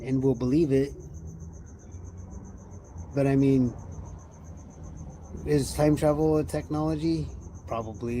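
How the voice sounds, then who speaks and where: Tired man musing aloud, mellow voice. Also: mid-range voice, a little hiss or hum. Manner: loose, musing, wandering talk with rhetorical questions. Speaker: livestream host. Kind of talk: rambling casual livestream chat.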